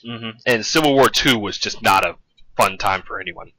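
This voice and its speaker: A young man co-hosting a podcast chats casually about comics, rambling and restarting a lot with many fillers. His fairly low voice has a sharp tone at normal speed, and the recording is low quality.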